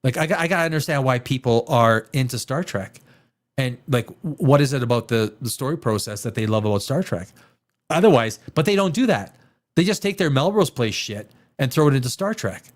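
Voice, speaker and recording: At medium pitch and a fairly quick clip, a man hosting a show as a screenwriter tears through a review in an animated rant. He keeps starting over, curses a lot and acts out dialogue.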